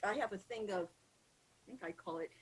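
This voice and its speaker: Over poor audio, a woman with a mid-range, slightly rough voice speaks at a moderate pace. During a podcast interview she is a guest coaching on public speaking, lively and emphatic, acting out what people's inner voices say.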